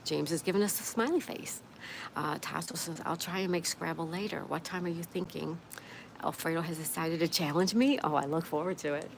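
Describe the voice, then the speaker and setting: A woman's voice: sits low, steady tone, brisk. A woman hosting a casual livestream, reading her viewers' comments aloud and answering each one in a chatty way. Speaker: livestream host. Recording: clear background noise.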